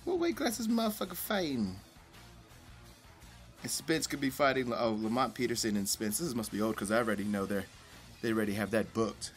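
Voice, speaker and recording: A young man giving casual, profane commentary as a boxing YouTuber, rambling in slang with sudden high-pitched outbursts. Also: expressive, brisk, faint music behind.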